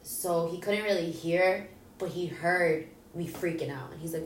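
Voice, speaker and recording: A woman in an interview shares an emotional personal story, unhurried and lowish-voiced, blunt and raw, swearing and voicing what people said. Recorded on a distant mic, it carries roomy echo, faint ambience and a little hiss or hum.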